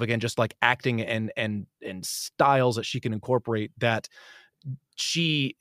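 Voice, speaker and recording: A man's voice: mid-range voice, fairly bright tone, no echo. Rambling man, dry close sound. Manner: rambling, halting, many restarts and fillers. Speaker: podcast guest. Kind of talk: casual chat.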